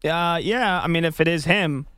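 A man's voice: fairly high pitch, moderate pace, pushed and bright, clear, resonant tone, dry recording, studio quality. A man co-hosting a sports radio show, joking in a defensive, indignant way. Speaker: radio co-host. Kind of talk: casual on-air banter.

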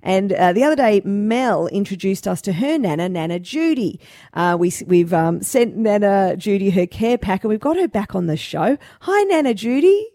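Woman radio host, bright chatty delivery, dry close studio sound. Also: medium pitch, animated, moderate pace, no room sound. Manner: upbeat, a few ums and restarts. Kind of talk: radio show chat.

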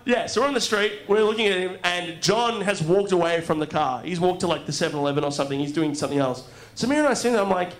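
A man's voice: sits high, quick pace, hardly any pauses. A man from Australia co-hosting a live comedy podcast, telling a story and acting out the lines of the people in it. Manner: animated storyteller, acts out quotes. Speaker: podcast co-host. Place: live venue with audience.

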